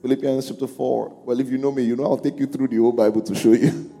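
A pastor talks fast in a warm, creaky, mid-range voice with a level tone. He calls out questions to the congregation and lifts his voice for the scripture they read along with. Music plays beneath the echo of a long hall.

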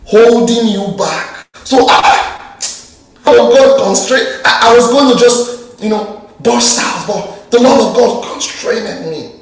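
A man preaching a sermon, lively and joking, with slang and rhetorical questions to the crowd. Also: high-pitched, slow. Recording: very echoey hall, mic far off.

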